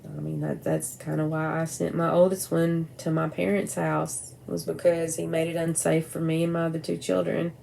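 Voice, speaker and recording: A woman's voice: low voice, little pitch movement, moderate pace, creaky, hardly any pauses, warm tone, a little hiss or hum, poor audio. A middle-aged woman talking candidly and bluntly to camera at home, rambling and swearing now and then. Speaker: vlogger. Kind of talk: casual personal talk to camera. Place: at home by a window at night.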